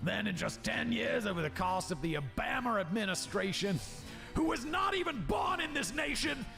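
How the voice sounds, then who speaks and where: A man doing a mock impression of an outraged, ranting male pundit in loud, high, blustering shouts. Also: animated, normal speed, creaky, music in the background, exaggerated voice. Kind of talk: mock impression in comedic commentary.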